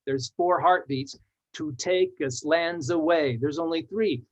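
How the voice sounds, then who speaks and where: A male children's author presents his book to readers, reading verses aloud with enthusiasm and a rhythmic bounce. His voice is fairly high and a little slow, and the lo-fi recording sounds dull.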